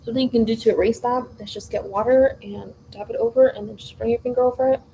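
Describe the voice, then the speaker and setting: Rambling young woman with a mellow voice. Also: fairly high pitch, fast talker, slight background noise, poor audio. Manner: rambling, animated, lots of fillers and restarts. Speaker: vlogger. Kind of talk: casual storytelling while baking. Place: home kitchen.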